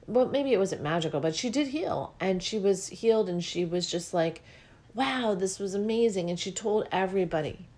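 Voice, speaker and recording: A woman's voice: fairly low pitch, lively intonation, fairly quick, hardly any pauses, a little mellow. A woman giving a reflective spiritual talk about listening to the body, earnest and repetitive, her voice rising with feeling and at times close to tears.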